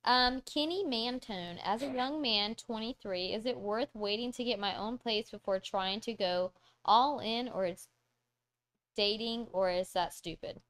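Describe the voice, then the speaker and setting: A woman's voice: a little high, measured pace, fairly bright tone. A woman co-hosting a casual live-stream Q&A, reading viewer questions aloud in a plain, easy way.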